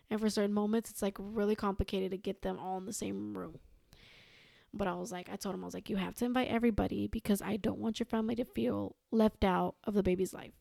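Young woman, podcast guest, casual storytelling, gravelly, dry close sound. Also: mid-range voice, a little mellow, no room sound. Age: young adult. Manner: rambling, quotes herself and others with "I was like".

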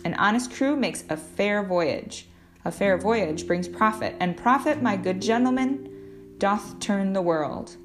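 A woman's voice: medium pitch, animated, unhurried, lightly acted. A woman reading the part of a cold, contemptuous male ship captain in a firm, commanding voice. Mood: stern. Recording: guitar music playing underneath.

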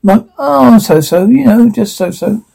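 An actor playing a sly, gloating renegade monk who speaks with mock politeness. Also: male voice, high-pitched, animated, measured pace, gravelly, dark tone, full character voice. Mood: smarmy.

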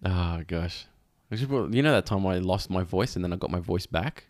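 A man's voice: deep voice, expressive, normal speed, a little mellow. A young adult man with an Australian accent, co-hosting a podcast in easygoing casual banter, often laughing along. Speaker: podcast co-host. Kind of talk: casual chat.

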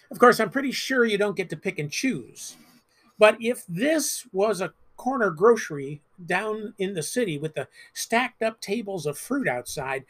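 A man with a fairly high voice delivers a church podcast sermon. He reads the scripture aloud in a steady way, then moves into relaxed, gently humorous reflection. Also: moderate pace. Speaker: pastor.

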